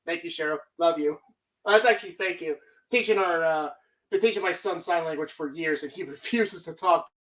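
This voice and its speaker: A woman's voice: lowish voice, brisk. A woman hosting a live stream, talking casually in a rambling, profane way. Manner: rambling, heavy swearing. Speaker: streamer host.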